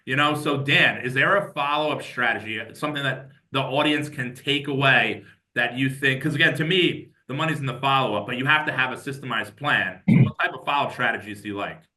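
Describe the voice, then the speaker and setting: A man hosting a casual podcast interview, asking energetic, probing questions. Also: mid-range voice, fairly quick. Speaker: podcast host.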